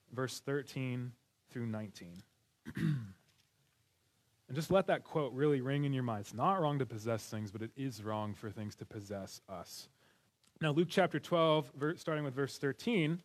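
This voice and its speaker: A man preaching a sermon as a pastor, talking to his congregation in an earnest, conversational way. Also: a little high. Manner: conversational, earnest, with restarts and light laughs.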